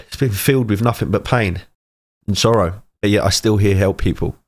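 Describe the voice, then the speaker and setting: A man's voice: lowish voice, normal speed. A middle-aged man gives an emotional personal testimony, speaking in short, punchy sentences and sighing often. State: tearful, emotional. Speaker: motivational speaker.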